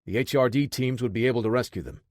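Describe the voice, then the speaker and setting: A man narrating a military action audiobook in a steady, measured reading. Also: mid-range voice, dry recording, studio quality. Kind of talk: scripted narration.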